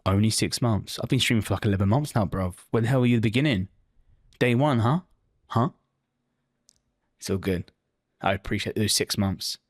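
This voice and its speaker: A man's voice: lowish voice, fairly quick, long pauses. Chatty, foul-mouthed male streamer. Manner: chatty, swears freely, joking banter. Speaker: live streamer. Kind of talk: casual live-stream chat, answering viewers.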